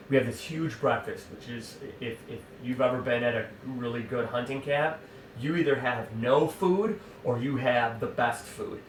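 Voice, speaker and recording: A man telling an animated, exasperated hunting-camp story in a casual way, full of fillers and asides. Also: mid-range voice, a little hiss or hum. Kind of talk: casual spoken anecdote. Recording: roomy sound from a distant mic.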